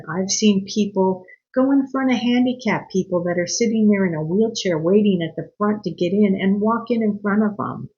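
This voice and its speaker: Woman, lowish voice, chatty advice vlog, earnest and scolding, dull lo-fi sound. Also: darkish tone. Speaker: cruise vlogger. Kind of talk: casual advice talk to camera.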